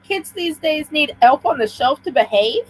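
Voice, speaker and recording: Woman reading memes out loud, dry deadpan, slightly high voice. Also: moderate pace, a crowd in the background, poor audio. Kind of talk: reading jokes aloud in casual chat.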